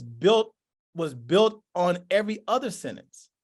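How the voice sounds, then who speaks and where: Lively male workshop presenter. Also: mid-range voice, normal speed. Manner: animated, talks in loose thoughts, acts out quotes. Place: workshop room.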